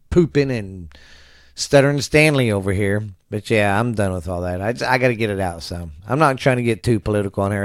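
A man's voice: medium pitch, no room sound, studio quality. A middle-aged man hosting a casual podcast from home, rambling and ranting with frequent swearing and stammers. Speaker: podcast host. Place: home at night.

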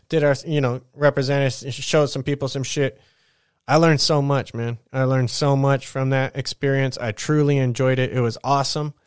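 A man's voice: mid-range voice, clear, resonant tone, dry recording, clean studio sound. A man hosting his podcast at home, telling a work story in a casual, rambling and profane way. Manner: rambling, profane, animated retelling. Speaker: podcast host. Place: at home getting ready for bed.

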